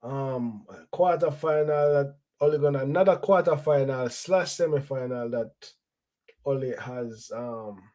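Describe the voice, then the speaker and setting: A man's voice: mid-range voice, unhurried, mellow. Laid-back male football show host. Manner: laid-back, conversational, repeats phrases, sprinkles slang. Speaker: host of a football fan channel. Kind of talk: casual solo talk show.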